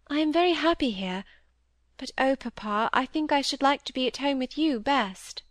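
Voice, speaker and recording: Woman voicing a young girl, eager, affectionate, higher voice, storybook reading. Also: animated, normal speed, dry recording. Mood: pleading.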